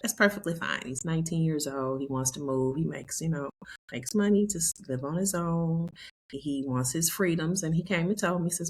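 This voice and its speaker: A woman in her fifties with a low, deep voice speaks. She hosts a podcast and tells a personal story in a candid, emotional way, acting out what people said. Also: moderate pace. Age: 50s. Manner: candid and emotional, with laughs and quoted dialogue. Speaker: podcast host.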